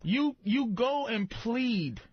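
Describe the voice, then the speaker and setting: A man's voice: very high-pitched, expressive, takes it slowly, husky, dry recording, dull audio. A man hosting a radio show, ranting with profanity and heavy emphasis. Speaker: radio host. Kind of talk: comedic radio rant.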